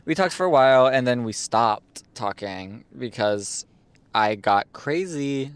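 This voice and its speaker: A man's voice: mid-range voice, lively intonation, unhurried, smooth, no room sound. Candid young man, dry close sound. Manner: candid, jokey storytelling. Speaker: podcast co-host. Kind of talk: casual chat.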